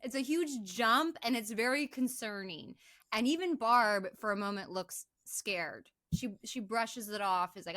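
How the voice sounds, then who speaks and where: A woman's voice: medium pitch, normal speed, dry recording. A young woman co-hosting a podcast, casually retelling a movie's plot and acting out the characters' lines. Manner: animated retelling, acts out quoted lines. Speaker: podcast co-host.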